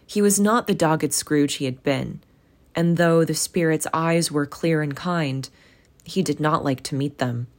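Low, unhurried woman reading aloud. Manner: warm, affectionate, encouraging. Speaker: audiobook reader and podcast host. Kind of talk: storybook reading and casual sign-off.

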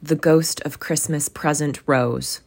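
A woman's voice: deep voice, steady tone, slow pace. A young adult woman reading a classic story aloud, then chatting affectionately with her listeners. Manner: warm, affectionate, encouraging. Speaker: audiobook reader and podcast host. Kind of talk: storybook reading and casual sign-off.

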